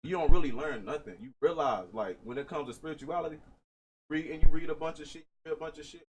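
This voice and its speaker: A man's voice: on the high side, fast talker, a little hiss or hum, poor audio. A man talking in a casual group discussion on a podcast, speaking earnestly and reflectively, repeating phrases for emphasis. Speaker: podcast host.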